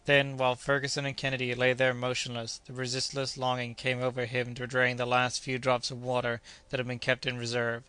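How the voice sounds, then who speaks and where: A man narrating an adventure audiobook in a measured, steady reading. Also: medium pitch, clean tone.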